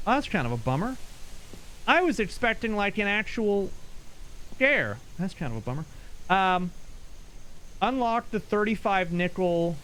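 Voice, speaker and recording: A high, lively male voice drawls through live game commentary, unhurried most of the time, then bursts into startled yelps and shouts. He chatters to himself and his viewers, with faint ambient noise underneath. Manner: talks to himself and to chat while playing. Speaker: streamer.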